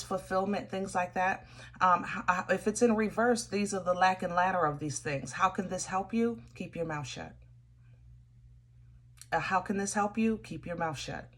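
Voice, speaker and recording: A woman's voice: medium pitch, a bit bright, breathy edge. A woman giving a casual tarot reading, chatty and often searching for her words and repeating phrases. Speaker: tarot reader.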